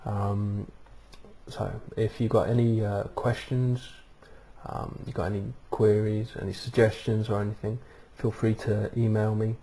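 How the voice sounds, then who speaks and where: A man's voice: on the low side, flat delivery, unhurried, mellow, slight background noise. A man hosting his own video blog, talking casually to a webcam and rambling with lots of "um"s and "uh"s. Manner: rambling, many ums and uhs. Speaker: vlog host. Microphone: webcam microphone.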